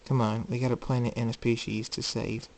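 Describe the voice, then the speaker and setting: A man voicing a kind young winged pony-human king in a quiet, earnest tone. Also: mid-range voice, level tone, a little fast, natural voice, rough recording. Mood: warm.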